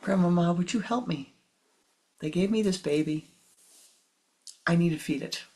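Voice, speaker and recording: A spiritual teacher playing an unbothered monk who answers quietly in a sermon story. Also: medium pitch, moderate pace, voice pushed up, natural voice. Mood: serene. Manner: soft, unbothered replies. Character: calm, humble monk.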